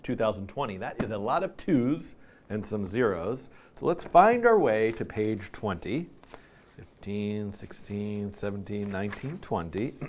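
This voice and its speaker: A man's voice: medium pitch, a little mellow. A middle-aged man hosting a live stream in casual chat, playful and rambling, tired and a little out of breath. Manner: playful, rambling, self-deprecating. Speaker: host.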